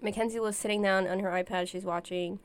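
A woman's voice: mid-range voice, fairly even intonation, quick pace, clean tone. Chatty young woman laughing between stories. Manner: chatty storyteller, laughs often, many fillers. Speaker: podcast co-host. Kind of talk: casual chat.

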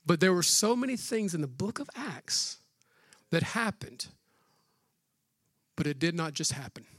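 A man preaching a sermon as pastor, in a casual, energetic way with slangy asides. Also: a little high, measured pace, dry recording, studio quality.

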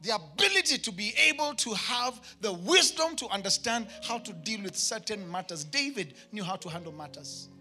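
A man with a Kenyan accent preaching a sermon to his church, emphatic, with shouted peaks and comic asides. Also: high voice, lively intonation, moderate pace, hardly any pauses, soft background music. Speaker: pastor.

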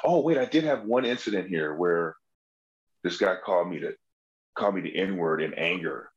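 Low-voiced man telling wild stories. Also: normal speed, dull audio. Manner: animated, profane, acts out quoted voices. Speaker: comedian guest. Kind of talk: casual podcast storytelling.

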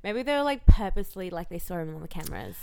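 Young woman co-host, lively swooping pitch, casual and sweary, dry close mic. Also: fast talker, vocal fry, clean tone, no echo. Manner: reactive listener, swearing, short exclamations. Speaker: podcast co-host. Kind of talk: casual chat.

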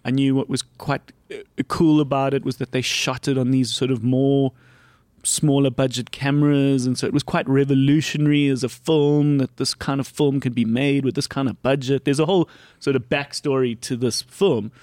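A young man hosting a casual podcast chat, animated and swearing, laughing as he talks. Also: medium pitch, normal speed, no echo. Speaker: podcast host.

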